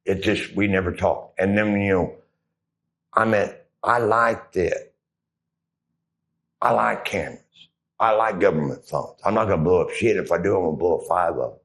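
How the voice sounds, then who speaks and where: Middle-aged ex-Marine guest, very low voice, rambling crude storyteller. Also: male voice, normal speed. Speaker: interview guest, former Marine. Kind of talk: casual storytelling.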